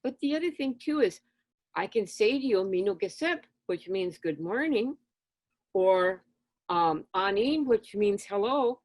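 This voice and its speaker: A woman guest in an interview, telling stories in a lively conversational way and acting out exchanges with children. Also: medium pitch, unhurried, no room sound. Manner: animated, acts out dialogue with children. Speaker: interview guest, spiritual teacher. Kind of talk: conversational storytelling.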